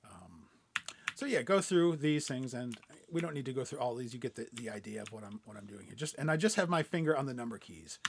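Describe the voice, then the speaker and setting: A man walking viewers through a software demo in a webinar, relaxed and thinking aloud with lots of fillers. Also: medium pitch, fairly quick, noisy background. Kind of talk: screen-share webinar demo.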